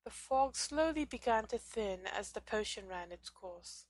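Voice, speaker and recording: Woman reading a fanfic aloud, slow and dramatic, dry close recording. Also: medium pitch, dry recording. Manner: slow, dramatic, expressive storytelling. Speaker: narrator. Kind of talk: fan fiction audiobook reading.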